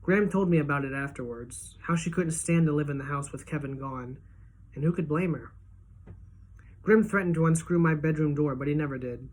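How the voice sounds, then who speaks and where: A woman teacher reading a novel aloud to her class, giving the dialogue lively pitch and loudness shifts. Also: a little fast. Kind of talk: audiobook-style read-aloud.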